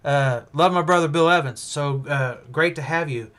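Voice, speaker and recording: Male host, slightly high pitch, rambling unscripted livestream preacher, thinks out loud. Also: normal speed. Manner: rambling, thinking aloud, frequent restarts and fillers. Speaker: preacher hosting a livestream Bible study. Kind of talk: casual livestream Bible teaching.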